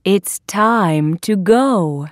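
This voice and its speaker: A woman voicing a kind male bird in a storybook reading, speaking calmly and softly. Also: mid-range voice, no room sound, clean studio sound. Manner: calm, soft and slow.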